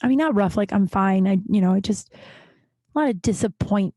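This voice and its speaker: A woman in her late thirties from Colorado hosting a podcast, talking in a halting, tearful, emotional monologue full of restarts and swearing. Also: medium pitch, animated, mellow, no room sound. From Colorado, USA. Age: late 30s. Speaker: podcast host.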